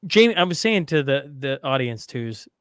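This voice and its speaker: Livestream host, male, smooth and resonant, loose rambling delivery, dry close mic. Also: medium pitch, big pitch swings, normal speed, fairly bright tone, no room sound. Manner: rambling, talks to chat and guests, frequent restarts. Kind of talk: casual livestream chat.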